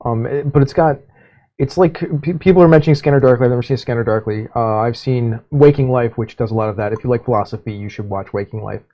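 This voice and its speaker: A man's voice: medium pitch, fast. A man hosting a podcast in casual chat, rambling easily with fillers. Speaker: podcast host. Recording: dull lo-fi sound.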